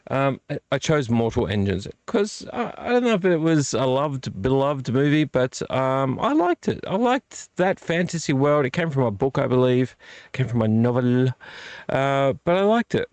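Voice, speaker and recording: Middle-aged male vlog host, sleepy and yawning, chatty ramble with many self-corrections, dry close mic, average pitch. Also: animated, normal speed, a little mellow, no echo. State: tired, yawning. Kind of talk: casual live-stream chat. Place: home collection room. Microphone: desk microphone.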